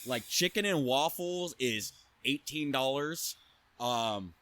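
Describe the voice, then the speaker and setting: Young male podcast co-host with a sharp, bright tone, swearing freely through a rambling story. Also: mid-range voice, slow pace. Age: young adult. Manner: profane, animated anecdote telling. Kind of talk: casual storytelling.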